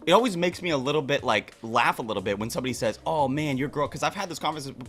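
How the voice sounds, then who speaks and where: A man's voice: mid-range voice, animated, racing, a bit bright, faint music behind. A young man ranting casually and bluntly about dating, with a lot of swearing and heavy emphasis. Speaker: dating commentator in a played clip. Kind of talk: casual opinion rant.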